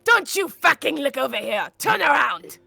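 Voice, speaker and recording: A woman voicing a gruff, protective man who curses and calls a young woman "kiddo". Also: very high voice, brisk, dry recording, pitched above the performer's own voice. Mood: fierce. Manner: cursing, fiercely tender.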